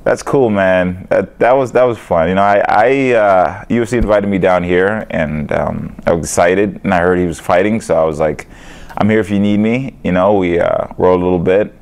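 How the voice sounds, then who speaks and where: Very deep-voiced man, relaxed and rambling. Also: moderate pace, hardly any pauses. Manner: relaxed, rambling, says "man" and "you know" often. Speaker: fighter being interviewed. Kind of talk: casual interview.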